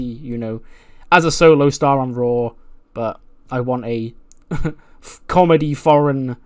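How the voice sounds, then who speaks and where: A man casually recapping his game save as a let's play narrator, chatty, laughing often and full of fillers. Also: mid-range voice.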